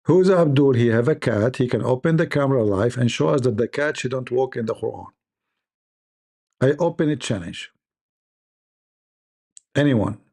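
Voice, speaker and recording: Gravelly, sarcastic male host. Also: mid-range voice, expressive, darkish tone. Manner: sarcastic, halting, many fillers and repeats. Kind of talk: mocking live commentary.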